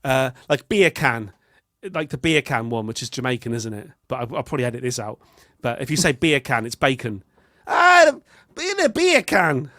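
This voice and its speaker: A man's voice: mid-range voice, a little fast, fairly bright tone, no room sound. A man co-hosting a podcast, chatty and rambling in casual chat. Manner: chatty, rambling, self-interrupting. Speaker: podcast co-host.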